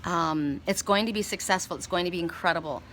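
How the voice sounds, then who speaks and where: A middle-aged woman giving a casual spiritual card reading outdoors, telling animated stories with frequent restarts. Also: on the low side, brisk, a little hiss or hum. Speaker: oracle card reader. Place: outdoors by water, California.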